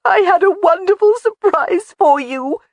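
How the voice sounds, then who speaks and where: A narrator voicing a spirited young Highland bride in an audiobook, pleading and tearful. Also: female voice, expressive, normal speed, no echo. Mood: wailing. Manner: pleading, tearful, high-pitched. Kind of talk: audiobook character voice.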